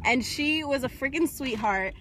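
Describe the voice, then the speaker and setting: Chatty woman vlogger, slightly high voice. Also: animated, moderate pace, a bit bright, slight background noise. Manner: chatty, rambling, many fillers and laughs. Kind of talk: casual daily vlog. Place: home, then a shop fitting room, then her car. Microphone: phone camera held by hand.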